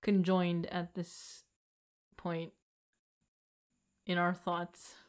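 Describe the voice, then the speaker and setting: A woman's voice: fairly low pitch, completely flat delivery, very slow, clear, resonant tone. Blunt, teasing woman with an American accent. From Philippines. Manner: blunt, teasing, swears freely. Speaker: podcast co-host. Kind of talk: casual chat.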